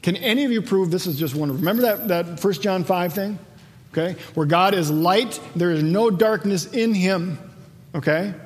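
A man's voice: high-pitched, moderate pace. A man teaching a conversational Bible sermon, asking rhetorical questions and acting out the dialogue of the passage. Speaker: pastor. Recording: long hall reverb.

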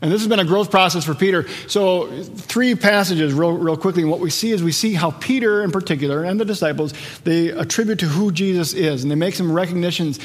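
A man's voice: high-pitched, brisk, big-room sound. A man preaching a conversational, earnest sermon as a pastor, often restarting and rephrasing his thoughts.

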